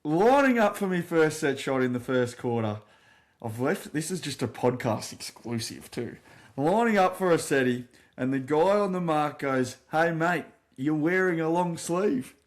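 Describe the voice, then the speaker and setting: An Australian man co-hosting a podcast, telling a story in a casual, animated way and laughing through it. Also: medium pitch, moderate pace. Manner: animated yarn-spinner, quotes others loudly, laughs through stories. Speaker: podcast co-host.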